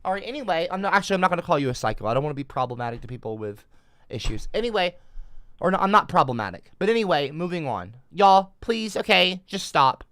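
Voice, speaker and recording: Male streamer, defensive rambler who swears freely; bright, dry close-mic sound. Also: a little high, lively intonation, quick pace, no room sound. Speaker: livestreamer. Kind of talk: casual livestream rant.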